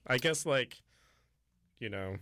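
A man trades crude, teasing jokes in a loose podcast chat. His voice sits at an ordinary middle pitch, and he keeps breaking into laughter. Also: animated, sharp tone. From Canada. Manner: crude joking, frequent laughter, drawn-out teasing. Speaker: podcast co-host. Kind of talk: casual chat.

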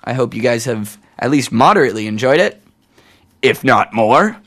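A young man hosting a college radio show, chatting casually between tracks. He rambles, pokes fun at himself and fills his pauses with lots of ums. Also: mid-range voice, lively intonation, a bit bright. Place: radio studio.

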